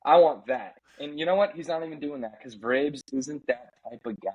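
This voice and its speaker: A man co-hosting a casual sports podcast, ranting in an animated way and slipping into mock impressions. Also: on the high side, moderate pace, husky, highs cut off. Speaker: podcast co-host.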